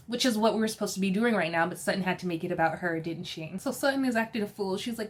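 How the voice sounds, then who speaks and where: A woman recapping a reality show in a casual, opinionated way, animated and sassy, often laughing and quoting people in exasperated voices. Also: mid-range voice, fast, hardly any pauses.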